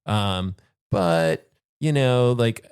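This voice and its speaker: A man's voice: on the low side, animated, extremely slow, a little mellow, smooth, no room sound, studio quality. A man co-hosting a podcast, chatting casually about gear with a rambling, self-correcting manner. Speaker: podcast co-host and watch reviewer. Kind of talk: casual chat.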